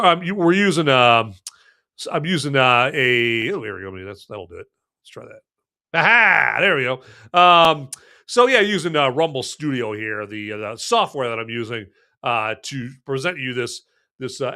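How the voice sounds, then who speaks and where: A man hosting a podcast in casual chat, rambling and joking with many restarts and fillers. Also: pushed and bright. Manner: jokey, chummy sales pitch. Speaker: podcast host.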